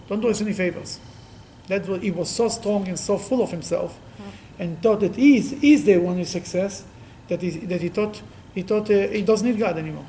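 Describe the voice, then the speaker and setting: A man teaching a Talmud class as a rabbi, explaining lively and acting out the quotes he discusses, with frequent restarts. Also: high voice, slight background noise, rough recording.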